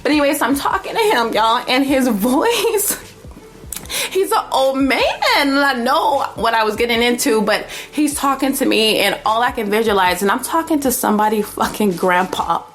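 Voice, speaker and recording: Brash, high-voiced young woman telling stories. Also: normal speed. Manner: brash, profane and animated, laughing often. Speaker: vlogger. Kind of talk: casual storytelling.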